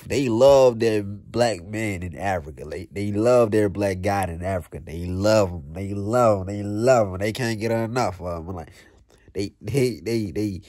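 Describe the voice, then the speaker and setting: A man's voice: on the low side, warm tone, no echo, clean studio sound. A young man vlogging in a blunt, profane, slang-heavy motivational rant that repeats itself.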